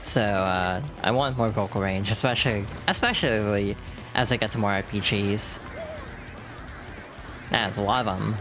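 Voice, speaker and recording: A woman streamer chatting casually over gameplay, self-deprecating and relaxed. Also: rumbling low, normal speed, music in the background. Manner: chatty, self-deprecating, reads game text aloud.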